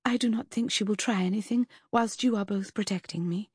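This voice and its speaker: A woman's voice: mid-range voice, brisk, slightly rough, no room sound, clean studio sound, voice pushed up, lightly acted. A woman doing a nervous, fretful young woman. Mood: anxious. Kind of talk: audiobook character reading.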